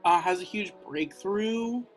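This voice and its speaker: A woman's voice: mid-range voice, unhurried, faint music behind, poor audio. A young woman, drunk, chattily recapping a play's plot in a matter-of-fact way. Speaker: drunk narrator. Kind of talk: tipsy comic retelling of a play.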